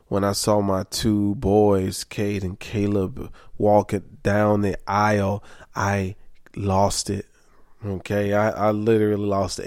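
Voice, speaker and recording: A man's voice: fairly low pitch, a little mellow, smooth, dry recording, studio quality. A young adult man, worn out from lack of sleep, talking candidly and emphatically about his life. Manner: candid, emphatic, says okay often. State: sleep-deprived, tired. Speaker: vlogger. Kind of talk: casual personal monologue.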